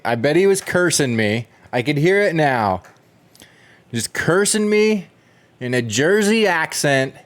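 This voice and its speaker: A man chatting casually with viewers while he streams a video game, rambling and chuckling as he goes. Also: mid-range voice. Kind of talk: casual gameplay chat.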